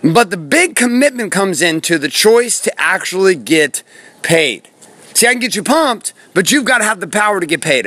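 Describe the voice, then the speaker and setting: A man's voice: sits high, bright, forceful tone, no echo. A man delivering a punchy, preachy motivational talk as a podcast host, swearing for emphasis. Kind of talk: motivational monologue. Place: outdoors in a forest. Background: birds and bees.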